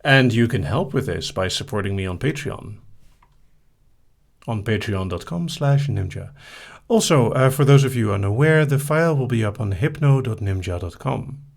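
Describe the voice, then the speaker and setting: A man's voice: fairly low pitch, expressive, moderate pace, vocal fry. A man hosting a casual live-stream Q&A, reading out listener questions and answering them briefly with light laughs. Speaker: hypnosis host.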